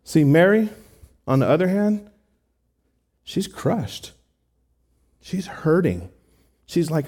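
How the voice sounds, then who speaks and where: A man's voice: fairly high pitch, very animated, slow pace, pauses often, darkish tone. A man preaching a sermon in an earnest, conversational way, talking to the congregation with rhetorical asides. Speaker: pastor.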